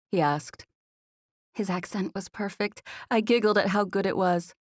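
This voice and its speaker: A woman with a fairly low voice narrates a first-person romance audiobook in a smooth, even way. The recording is dry and close, with no room sound behind her. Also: moderate pace, dry recording.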